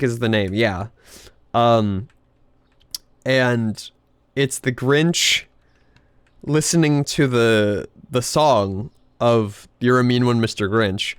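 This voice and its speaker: A man's voice: medium pitch, clean tone, no echo. A man streaming a video game, chatting casually in a rambling way, laughing often and swearing freely. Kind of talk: casual live-stream chat while gaming.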